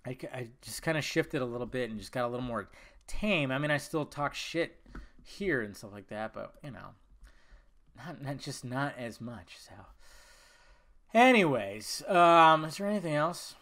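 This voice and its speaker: A man hosts a solo podcast in a loose, rambling monologue. He swears freely and laughs often. His voice sits at a medium pitch. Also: lively intonation, normal speed, a bit bright. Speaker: podcast host.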